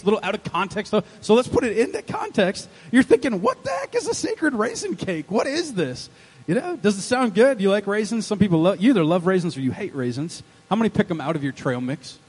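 A male pastor preaching a sermon in an animated, joking way, quizzing the congregation with questions. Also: sits high, husky, big-room sound. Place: church sanctuary.

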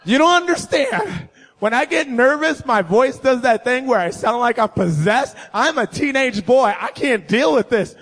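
A man, a guest speaker, telling a funny personal story in a sermon, animated and acting out voices and sounds. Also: very high-pitched, normal speed, hardly any pauses. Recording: echoey hall.

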